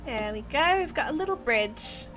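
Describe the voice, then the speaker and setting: A woman's voice: high voice, animated, normal speed, fairly bright tone. An Australian woman chatting casually while she live-streams herself building in a game, giggling and playful, laughing often. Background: faint background music.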